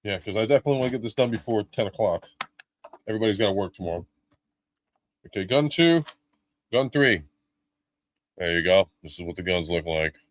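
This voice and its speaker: A man's voice: deep voice, dull audio. A middle-aged man live-streaming a toy unboxing, chatting casually with jokes, swearing and lots of fillers.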